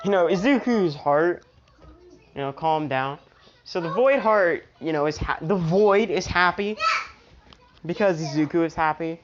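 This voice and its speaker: A woman's voice: lowish voice, animated, unhurried, muffled recording, noisy background. A woman improvising a fan-fiction story aloud, rambling with lots of restarts and fillers. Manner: rambling, full of "you know" and restarts.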